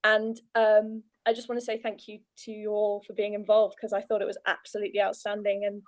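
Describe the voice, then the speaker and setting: A woman's voice: medium pitch, monotone, a little fast. A woman speaking on a casual video-call panel about casting, earnest and hesitant, with many fillers. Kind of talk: casual post-show panel chat.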